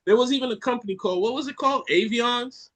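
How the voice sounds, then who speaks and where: A Caribbean man hosting a podcast, ranting in an animated way and repeating lines for effect. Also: very high voice, quick pace. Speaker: podcast host. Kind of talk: casual chat.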